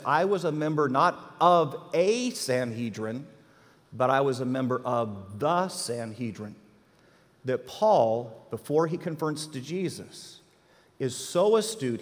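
A man teaching an interactive Bible class, animated and quizzing his listeners with questions. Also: mid-range voice, in a large hall.

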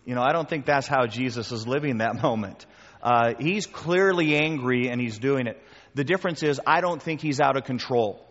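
A man preaching a sermon and taking questions, animated and emphatic, acting out the voices he quotes. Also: medium pitch, normal speed. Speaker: pastor. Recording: dull sound with long hall reverb.

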